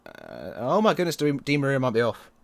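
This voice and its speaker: A man provides let's-play commentary over his own football management game, excitable and quick to groan or shout at the match. His voice sits at a medium pitch with a creaky texture.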